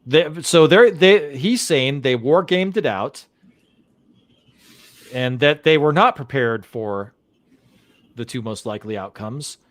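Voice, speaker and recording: A man hosting a live chat show reads a news article aloud, then drifts into indignant, rambling commentary full of restarts. His voice sits at an ordinary middle pitch. The sound is close and dry, with no room around it. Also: expressive, slow pace, pauses often, dry recording. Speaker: podcast host.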